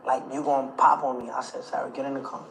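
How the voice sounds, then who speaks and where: A man's voice: mid-range voice, level tone, fast, vocal fry, a bit bright, slight background noise, poor audio. Emphatic man recounting a story. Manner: emphatic, repeats dates and phrases, acts out quoted dialogue. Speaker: interview guest. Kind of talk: casual interview storytelling.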